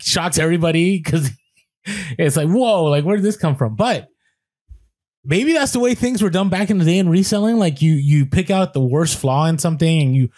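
Man telling a lively story, dry sound. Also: on the high side, dry recording. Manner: animated anecdote telling with quoted voices and restarts. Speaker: podcast co-host. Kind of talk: casual podcast storytelling.

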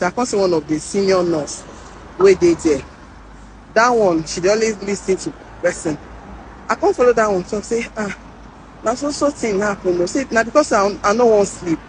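A Nigerian woman with a Nigerian accent, chatting through a personal story in a relaxed, animated way. Her pitch sits in a middle range for a woman, and a faint hum of noise lies under the recording. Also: low-quality recording. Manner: animated, mimics voices in quotes. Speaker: nurse sharing her story. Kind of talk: casual storytelling in Pidgin and English.

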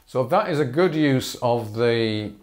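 A man teaching fiddle bowing in a relaxed way, pausing with ums and humming rhythms as syllables. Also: medium pitch, over loud music. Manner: thinking aloud with frequent ums, sings bowing rhythms as syllables. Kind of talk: relaxed instructional talk.

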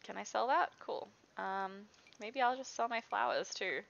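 Chatty young woman gaming, giggles a lot, bit of vocal fry, kinda muffled home mic. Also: medium pitch, moderate pace, fairly bright tone. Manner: chatty, giggly, talks to her game characters. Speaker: gaming video host. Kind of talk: casual let's-play commentary.

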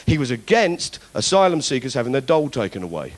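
A man's voice: medium pitch, sing-song, fast talker. A man doing stand-up political comedy, ranting in mock indignation with plenty of swearing. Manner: acts out other people's voices.

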